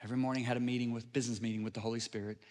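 A middle-aged male preacher telling stories in a sermon, animated, moving from hushed asides to near shouts. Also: mid-range voice, rapid-fire. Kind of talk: storytelling sermon. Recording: long reverb of a large hall.

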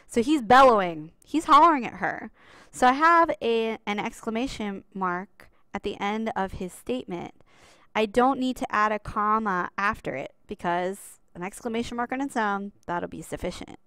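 Woman teaching a writing class, patient, smooth clear voice, dry sound. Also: medium pitch, normal speed, sharp tone, dry recording. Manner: patient and explanatory, stresses key rules. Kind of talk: classroom writing lesson over slides.

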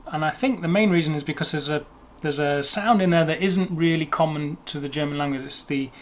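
A man hosting a casual language lesson, explaining at a relaxed pace and thinking aloud as he goes. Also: a little high. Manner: chatty, thinks aloud, restarts phrases. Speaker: language video host.

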